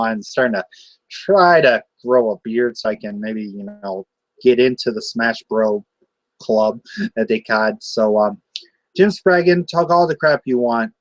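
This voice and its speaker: A man rants through a wrestling trash-talk promo, taunting and sarcastic as he calls out his rival. His voice sits at an ordinary middle pitch. The recording is dry, with no room sound around him. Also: no room sound. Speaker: wrestling show host.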